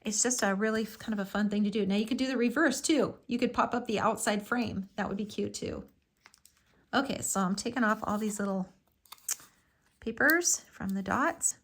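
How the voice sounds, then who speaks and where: A woman's voice: mid-range voice, brisk. A woman hosting a live craft tutorial, talking through each step in a chatty, enthusiastic way with frequent fillers.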